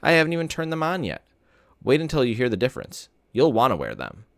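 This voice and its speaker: A man's voice: medium pitch, wildly swooping pitch, fast, a bit bright, no echo, studio quality, pitched above the performer's own voice. A man reading aloud, voicing a friendly, upbeat ear doctor who reassures a boy in a playful way. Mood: reassuring.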